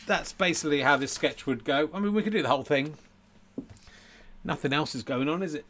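A man's voice: a little high, a little fast, a bit bright, slight background noise. A middle-aged man hosting a podcast from home, rambling and self-deprecating, a little tipsy and flustered. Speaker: podcast host. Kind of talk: casual chat. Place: home during lockdown.

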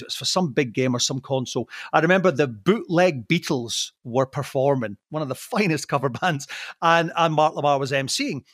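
A man telling anecdotes as a podcast guest, laughing often, swearing, and slipping into quick impressions. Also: fairly high pitch, dry recording, clean studio sound.

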